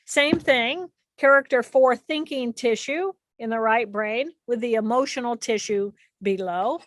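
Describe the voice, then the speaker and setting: Woman speaker, high voice, animated lecture delivery, dry close sound. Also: a little slow, no echo. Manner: animated, acts out inner voices and repeats phrases. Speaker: speaker presenting to an audience. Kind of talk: explanatory lecture talk.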